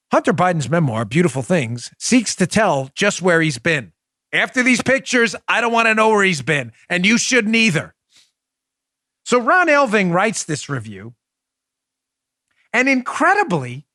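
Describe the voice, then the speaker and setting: Man, talk show host, high bright voice, dry close mic, mocking and indignant. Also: big pitch swings, normal speed, no echo. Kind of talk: opinionated monologue.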